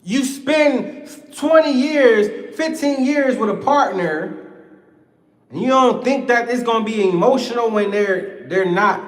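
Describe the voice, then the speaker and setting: A man with a high voice rants in a loose, profane monologue, slangy and animated, breaking into laughter. The room is echoey, with a long tail of reverb. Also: a little slow. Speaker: podcast host. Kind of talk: casual monologue.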